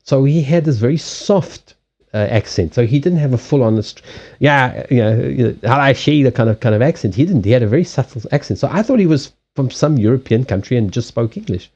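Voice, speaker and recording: A man's voice: medium pitch, animated, quick pace, dark tone, slightly rough, lo-fi sound. A man hosting a card-reading live stream, telling anecdotes in a chatty way and laughing often. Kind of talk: casual live-stream chat.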